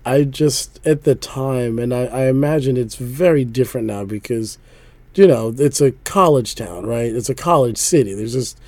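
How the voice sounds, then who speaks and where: A man from Philadelphia chats casually on a podcast, leaning into stories and breaking into laughter often. His voice sits at an average pitch, recorded close and dry with no room sound. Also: moderate pace, darkish tone, dry recording. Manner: laughs often, storytelling, repeats "like". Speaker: podcast co-host.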